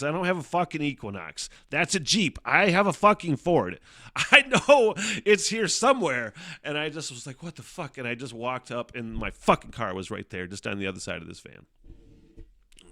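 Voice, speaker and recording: A man hosts a solo podcast, telling a long story in a loose, rambling way, swearing constantly and breaking into laughter. His voice is bright and forward, and his pitch is moderate. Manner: profane, rambling, laughs often. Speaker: podcast host.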